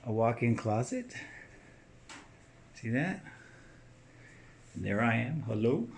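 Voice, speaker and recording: A man's voice: mid-range voice, a little mellow. A man narrating a casual walkthrough of a house as he films it, pointing things out as he walks from room to room. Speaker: house tour vlogger. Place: inside a large house.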